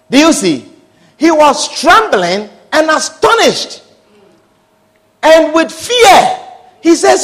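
High-voiced man preaching with lively pitch. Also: takes it slowly. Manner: impassioned, repetitive, calls out hallelujah and amen. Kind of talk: sermon.

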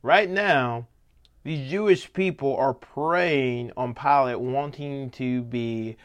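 A man's voice: medium pitch, takes it slowly. Man preaching verse by verse. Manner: reads scripture verse by verse, then explains in animated paraphrase. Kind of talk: sermon.

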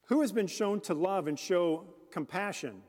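Earnest deacon in an echoing church. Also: male voice, sits high, expressive, moderate pace, a little mellow. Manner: earnest, direct questions to the congregation. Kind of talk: sermon. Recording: long church reverb.

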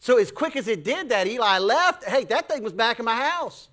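High-voiced preacher. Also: male voice, normal speed. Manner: folksy, animated storytelling with acted high-pitched quotes. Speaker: pastor. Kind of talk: sermon with a personal story.

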